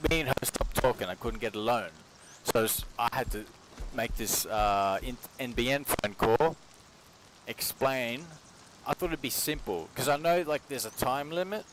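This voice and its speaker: A man from Australia, rambling and swearing in a casual stream chat from his kitchen. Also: mid-range voice. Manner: rambling, profane, slangy. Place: home kitchen while cooking. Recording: noisy home stream audio.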